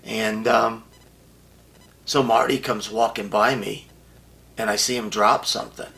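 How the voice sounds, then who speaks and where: A gravelly older man tells a profane story as an interview guest, acting out the other people's lines as he goes. His voice is low and bright-edged, and his delivery is blunt and plain. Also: little pitch movement, unhurried.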